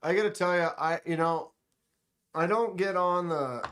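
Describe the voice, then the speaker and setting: A man hosting a casual live stream, joking around and talking straight to his chat with quick exclamations. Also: sits high, a bit bright, clean tone. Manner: playful, joking, talks to chat directly; exclaims short interjections. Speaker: livestream host.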